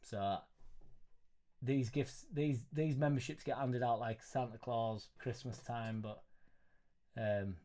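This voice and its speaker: A young man hosting a live football reaction stream, reading viewer messages in an excitable, sweary, joking way. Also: mid-range voice, takes it slowly, long pauses. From Leeds, England. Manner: excitable, sweary, banter-filled. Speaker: football fan channel host.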